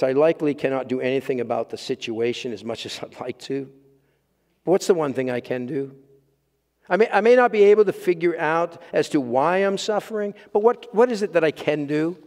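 A man preaching a sermon to a church congregation, emphatic, building to loud peaks and repeating phrases for weight. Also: fairly high pitch, long reverb tail. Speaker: pastor. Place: church with live audience and live stream.

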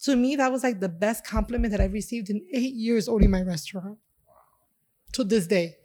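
A woman's voice: medium pitch, a little fast, darkish tone. A woman chef and restaurant owner telling a story in a casual podcast chat, acting out the dialogue.

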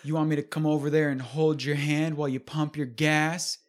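A man voicing an angry, cocky older man who sneers and shouts insults. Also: fairly high pitch, level tone, fairly quick, close to an everyday voice. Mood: taunting.

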